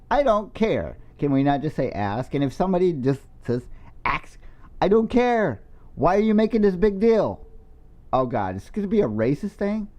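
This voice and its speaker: A man's voice: sits high, darkish tone. Give me a crude, sarcastic man heckling a video, voice rising and falling a lot. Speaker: reaction video commentator. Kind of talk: profane mocking commentary over a clip. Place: lives in South Carolina.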